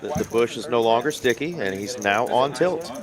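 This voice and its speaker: A man's voice: mid-range voice, expressive, normal speed. Wry male poker co-commentator. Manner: wry, playful. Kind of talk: casual banter on a broadcast. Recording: card room crowd behind.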